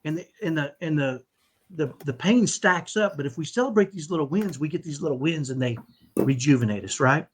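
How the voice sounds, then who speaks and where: A middle-aged man, a podcast guest, telling a story in animated conversation and tagging sentences with "right?". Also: fairly high pitch, brisk, husky. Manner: animated, repeats "right?" often. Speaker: podcast guest, autism dad.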